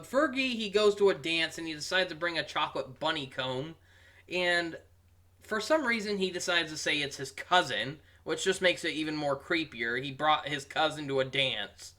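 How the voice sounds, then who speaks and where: A young man giving a casual, rambling review, amused and full of pauses. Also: fairly high pitch, sharp tone. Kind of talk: casual commentary.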